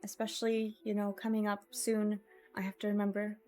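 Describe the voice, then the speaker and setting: A woman's voice: medium pitch, monotone, brisk, darkish tone, faint music behind. A woman streamer chatting with her viewers in a casual, emotional and reflective way, often sighing.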